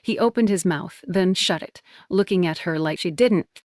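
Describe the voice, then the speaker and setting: A woman's voice: on the low side, moderate pace, darkish tone, dry recording, studio quality. A woman narrating a dramatic first-person story with emotional intensity.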